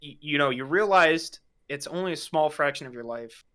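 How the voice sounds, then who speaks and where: Bright-voiced young man chatting. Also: on the high side, normal speed, clean tone. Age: 20s. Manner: rambling, swears casually. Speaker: podcast guest. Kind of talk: casual podcast chat.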